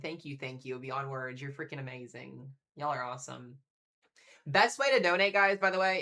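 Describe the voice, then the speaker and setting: A man's voice: mid-range voice, bright, forceful tone. A man hosting a live severe weather stream, chatting casually with viewers while he reads out warnings. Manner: casual, chatty, talks straight to viewers in the chat. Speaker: livestream weather host.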